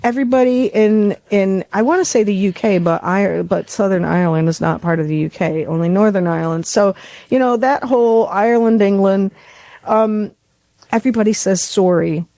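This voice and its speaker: A woman's voice: mid-range voice, normal speed, mellow, no echo. A woman from Buffalo, New York, co-hosting a podcast, telling rambling stories in casual chat and swearing freely. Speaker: podcast co-host.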